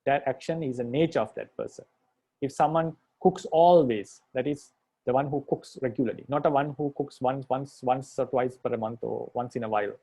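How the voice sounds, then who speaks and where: Mellow-voiced monk patiently teaching grammar. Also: male voice, medium pitch, moderate pace. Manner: patient, repetitive, restates points with "right?". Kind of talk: explanatory lecture.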